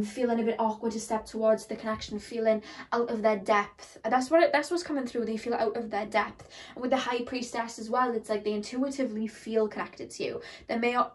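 A young woman chats her way through a tarot reading, her voice sitting a little high. She rambles loosely, filling her sentences with "like" and "um" as she explains the cards. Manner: chatty, rambling, frequent "like" and "um". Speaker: tarot reader.

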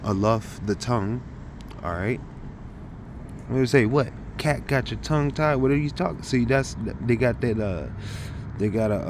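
A man giving an informal scripture study talk, thinking aloud with halting restarts and sudden bursts of excited realization. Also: fairly low pitch, noisy background. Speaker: Bible teacher.

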